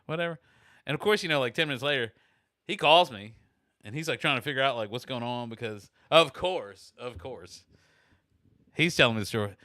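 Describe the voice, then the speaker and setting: Speaking briskly, a middle-aged man hosts a podcast and spins a lengthy, chatty story, animatedly playing the people he quotes in a higher pitch. The audio is dry and of studio quality.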